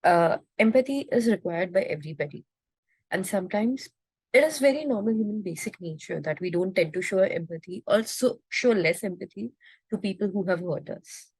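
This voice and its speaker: Woman participant, husky, measured and explanatory, dry close sound. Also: medium pitch, lively intonation, darkish tone, no room sound, low-quality recording. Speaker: circle participant. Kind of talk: casual online group discussion. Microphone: video call.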